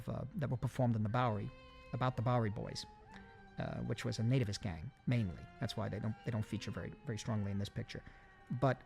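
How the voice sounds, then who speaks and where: A man recording a film commentary, speaking in a halting way with many fillers and restarts. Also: medium pitch, gravelly, a little mellow. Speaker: film director giving commentary.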